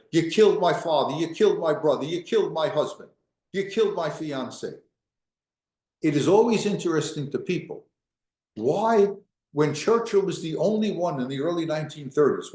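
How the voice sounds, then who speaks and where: A man's voice: medium pitch, a little mellow, echoey room. A man, a history professor, giving an emphatic lecture and repeating key phrases for weight.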